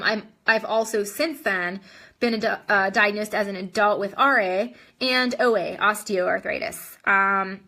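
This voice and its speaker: A woman's voice: medium pitch, sharp tone. A young adult woman hosting a casual live video chat, answering viewer comments in a chatty way full of ums and restarts, a little short of breath.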